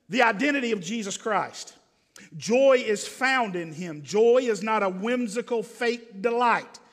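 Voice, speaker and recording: A man preaching a sermon as pastor in a church, earnest, turning soft and gentle. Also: extremely high pitch, big-room sound. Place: church sanctuary.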